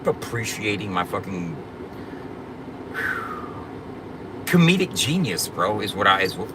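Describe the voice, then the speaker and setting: A man's voice: lowish voice, big pitch swings, a little slow, background noise. Boastful, profane man chatting to his livestream. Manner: boastful, profane, joking banter with chat; drawling, repeats "you know what I'm saying". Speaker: livestream host. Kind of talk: casual livestream chat.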